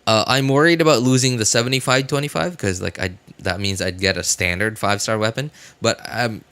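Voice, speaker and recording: A man's voice: on the low side, fairly quick, a bit bright. A man streaming a game, chatting casually and rambling, with many fillers, restarts and self-corrections. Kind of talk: casual live-stream chat.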